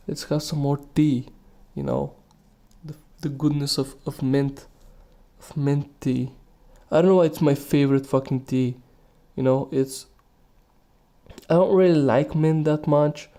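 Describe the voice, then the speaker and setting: A young man hosts a solo podcast, meandering casually with lots of swearing, restarting his sentences and laughing at himself. His voice is mid-range and mellow.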